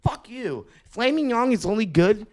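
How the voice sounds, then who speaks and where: A man's voice: sits high, very animated, normal speed. A man co-hosting a podcast, telling profane stories in casual chat and mimicking other people's voices. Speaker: podcast co-host.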